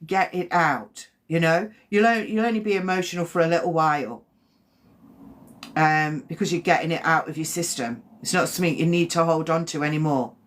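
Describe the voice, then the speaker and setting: A woman with a slightly low voice speaks as a medium on a live stream. She talks haltingly, circling back over her own words, gentle and reassuring in tone. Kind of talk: live-stream spirit reading.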